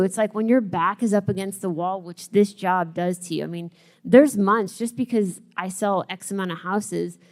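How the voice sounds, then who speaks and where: A woman's voice: medium pitch, a little mellow. A woman speaking as a panelist on stage, candid and blunt, with self-mocking humor.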